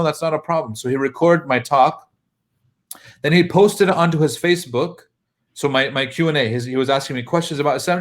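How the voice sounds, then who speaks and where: A man from the United States, a mosque imam, telling anecdotes casually in a panel talk, chuckling now and then. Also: medium pitch.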